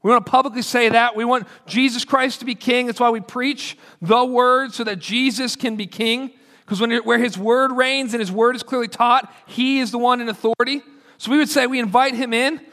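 A man's voice: very high voice, steady tone, normal speed, bright, forceful tone. A man preaching a sermon to a congregation in an earnest, conversational way, acting out quoted lines. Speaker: pastor. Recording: long hall reverb.

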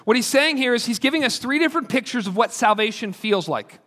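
A man's voice: very high voice, animated, quick pace, a bit bright. A man preaching a sermon to a congregation in an earnest, conversational way, acting out quoted lines. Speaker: pastor. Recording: long hall reverb.

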